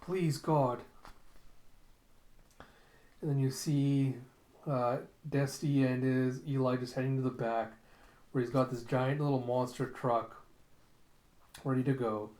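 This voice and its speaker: A man retells a comic chapter by chapter in an animated, casual way. His voice sits at an ordinary pitch for a man. The recording has a roomy echo. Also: unhurried. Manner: animated retelling, lots of "and she's like". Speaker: comic reviewer.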